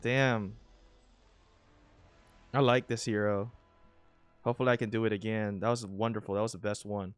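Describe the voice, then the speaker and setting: A man casually commenting on his own gameplay, excitable and swinging between grumbling and thrilled. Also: on the low side, moderate pace, pauses often, clear, resonant tone, dry recording, soft background music.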